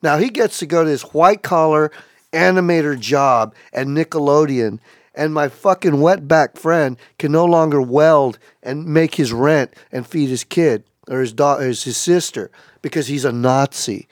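A man as a podcast guest in casual chat, telling stories in a profane, animated way. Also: fairly high pitch, a little slow, no room sound, clean studio sound.

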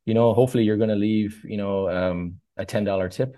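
A man's voice: lowish voice, steady tone, fairly quick, mellow. A middle-aged man from Ireland with an Irish accent, a bartender chatting as a guest and telling stories with acted-out voices. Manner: chatty storyteller, acts out voices in anecdotes. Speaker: guest, bartender and tour organiser. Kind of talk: casual interview chat.

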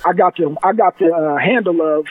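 A middle-aged man with a husky, rather high voice swaps old stories in an easygoing conversation. He laughs often and slips into the voices of the people he quotes. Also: fairly quick, narrow, tinny audio. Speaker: guest storyteller. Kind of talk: casual storytelling chat.

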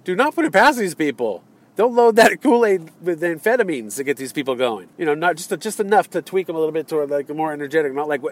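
A man's voice: on the high side, animated, fast, no room sound. A man in his car in traffic, ranting in a heated, rambling way with many fillers and restarts. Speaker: vlogger. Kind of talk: ranting political monologue.

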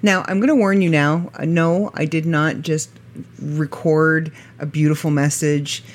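A middle-aged woman with a low voice, hosting a podcast in a chatty, self-mocking way and laughing often. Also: steady tone, a little slow. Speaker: podcast host. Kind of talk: casual podcast monologue.

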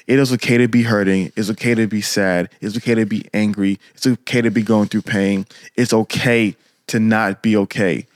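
A man's voice: fairly low pitch, fairly even intonation, normal speed, few pauses, no echo, clean studio sound. Earnest man co-hosting a faith podcast. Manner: earnest, preachy encouragement. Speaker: podcast co-host. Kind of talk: casual podcast talk.

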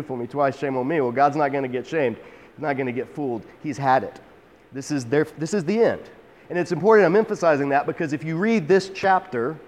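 A man's voice: on the high side, a little mellow, long reverb tail. A man teaching a Bible chapter verse by verse in a conversational, emphatic way, often restarting his phrases.

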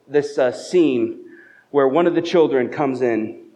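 A man's voice: mid-range voice, measured pace, dark tone. A male pastor giving a conversational sermon at a church service, telling stories and asking rhetorical questions. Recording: dull, muffled lo-fi sound.

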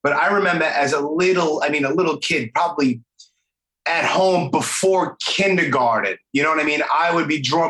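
A man's voice: fairly high pitch, moderate pace, pushed and bright, echoey room, low-quality recording. A middle-aged man with a New York accent, hosting a podcast in loose, rambling chat over a video call. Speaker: podcast host. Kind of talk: casual interview chat.

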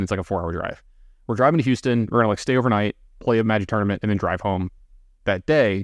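Man, podcast co-host, casual storytelling, fast, dry sound. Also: lowish voice, no room sound. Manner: rambling, filler-heavy anecdotes.

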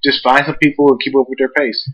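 A man's voice: mid-range voice, level tone, fast talker, a bit bright, highs cut off. A young man in casual chat, teasing and encouraging, with a boastful streak.

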